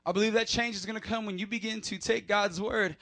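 A man giving a playful, energetic sermon to a youth crowd, leading call-and-response and laughing with them. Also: high-pitched, quick pace, creaky. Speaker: youth pastor.

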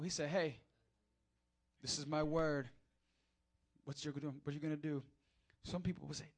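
Preaching casually and with energy, this young pastor addresses the crowd directly, shifting between hushed remarks and booming peaks. His pitch is fairly high and creaky, his pace moderate, and he leaves long pauses.

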